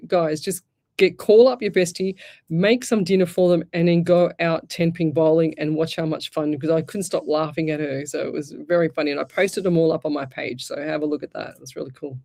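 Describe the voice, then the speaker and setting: A woman's voice: sits low, warm tone. A middle-aged Australian woman hosting a live psychic radio show, chatting casually, rambling and restarting her sentences, her throat sore. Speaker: psychic medium radio host.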